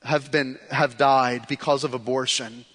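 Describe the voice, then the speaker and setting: A man preaching a sermon to his church, passionate, swinging from hushed pleas to forceful declarations. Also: mid-range voice, steady tone, a little slow, in a large hall. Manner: impassioned, shifts between soft hushed pleas and rising forceful declarations. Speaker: pastor. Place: church sanctuary.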